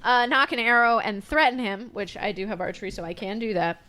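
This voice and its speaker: A woman's voice: on the high side, fairly quick, bright, forceful tone. Joking woman narrating a gamebook. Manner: joking asides between narration. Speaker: reader and game narrator. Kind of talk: reading a gamebook aloud with friends.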